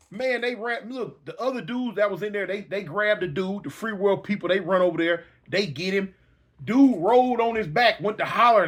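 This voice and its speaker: A man telling a personal story dramatically, acting out yells and reactions. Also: high voice, animated, a little fast. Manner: dramatic, acts out yells and voices, slangy.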